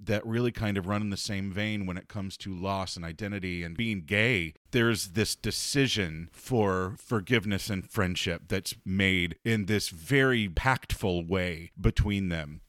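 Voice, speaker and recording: Male podcast co-host, low voice, chatty and blunt, dry close recording. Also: unhurried, hardly any pauses, fairly bright tone, no echo. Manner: chatty, blunt, swears freely. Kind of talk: casual book discussion.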